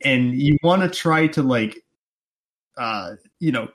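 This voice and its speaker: A man's voice: mid-range voice, animated, slow, fairly bright tone. Hesitant man full of "like" fillers. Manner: hesitant, heavy filler words, lots of "like". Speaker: podcast co-host. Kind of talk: casual political podcast chat.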